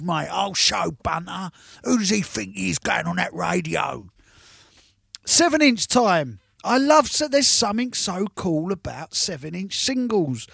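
Cheeky male radio DJ, high voice with a gravelly edge, music under him. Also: fairly bright tone, no echo, studio quality. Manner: cheeky, rambling, sings along and laughs. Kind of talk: live radio shout-outs. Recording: music playing behind the voice.

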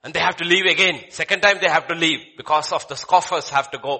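A man preaching a sermon, dramatic, swinging between loud declaiming and hushed low lines. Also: fast talker.

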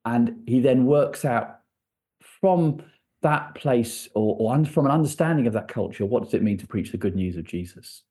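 A man's voice: medium pitch, animated, normal speed, warm tone. A man, an author and church leader answering interview questions in a thoughtful, rambling way with frequent restarts.

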